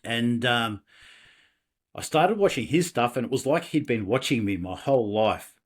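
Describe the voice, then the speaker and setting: Australian man, podcast guest, casual storytelling, animated, laughing, restarts. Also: mid-range voice, moderate pace, husky. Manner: animated, laughing, self-deprecating, many restarts.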